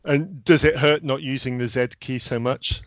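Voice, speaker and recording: A British man co-hosting a podcast, wry and teasing as he chats. His voice sits at an ordinary pitch. The sound is dry and a little muffled. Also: steady tone, normal speed, dry recording. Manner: wry, teasing, with small restarts. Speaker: podcast co-host. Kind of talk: casual podcast chat.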